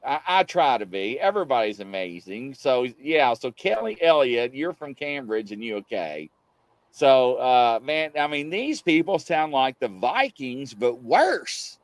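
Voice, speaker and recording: A man hosting a live show, telling stories in a rambling, animated way. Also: mid-range voice, unhurried, dry recording. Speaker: livestream show host. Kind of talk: casual live-show chat.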